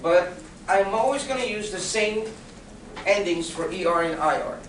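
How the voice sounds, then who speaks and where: Patient male teacher, high-pitched, lecturing in a class, heard from across a reverberant room. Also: normal speed, fairly bright tone, slight background noise. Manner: patient, checks for understanding with "okay?" and questions. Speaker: Spanish teacher. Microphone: recorded from across the room. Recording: echoey classroom from a distance.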